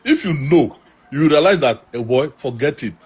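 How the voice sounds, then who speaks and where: A middle-aged Nigerian man with a husky voice, telling earnest stories and pleading with his listeners. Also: a little high, animated, normal speed, a little mellow. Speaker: interviewee. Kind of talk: emotional storytelling.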